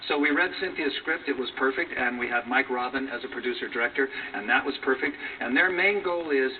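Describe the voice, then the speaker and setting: A man's voice: mid-range voice, fairly quick. A man, an actor guest on a talk show, chatting earnestly through his anecdotes. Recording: distant tinny TV broadcast capture, hissy.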